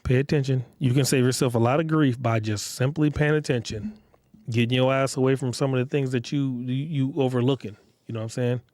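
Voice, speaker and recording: A man's voice: mid-range voice, a little fast, no echo. Blunt, profane man podcasting solo. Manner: blunt and profane, street slang; animated when acting out others. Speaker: podcast host. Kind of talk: casual solo podcast monologue.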